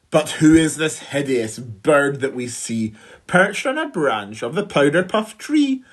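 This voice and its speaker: A woman's voice: low-pitched, a little slow. A woman teacher reading a rhyming picture book aloud for a school assembly from home. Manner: lively storytelling with exclaimed shouts.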